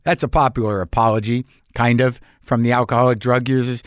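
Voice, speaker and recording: A man's voice: medium pitch, level tone, fairly quick, no room sound. Profane, self-mocking comic man, dry sound. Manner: profane, self-deprecating, rambling. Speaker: stand-up comedian. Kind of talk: confessional stand-up storytelling.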